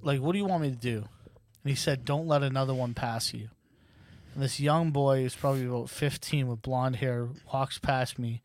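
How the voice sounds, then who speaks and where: A man guest telling a personal story casually, with many fillers and animated quotes. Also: medium pitch, moderate pace, dry recording.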